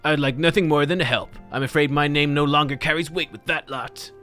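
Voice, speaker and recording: A man's voice: a little high, fairly even intonation, a little fast, pushed and bright, faint music behind, voice pushed up. A man voicing a brawny male resistance fighter in a drawling, stretched-out cartoon-hunk style, reading game dialogue aloud. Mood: swaggering.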